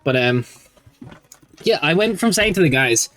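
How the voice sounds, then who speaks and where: Upbeat young man with a lively voice. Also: fairly high pitch, measured pace, pauses often, no echo. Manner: rambling, upbeat, many restarts and fillers. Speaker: stream host and game master. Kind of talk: casual livestream chat.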